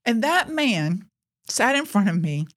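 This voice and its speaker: A woman's voice: on the high side, sing-song, a little slow. Earnest woman telling a faith testimony. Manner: earnest storyteller, addresses listeners directly. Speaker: Christian speaker sharing a testimony. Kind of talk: personal testimony, podcast storytelling.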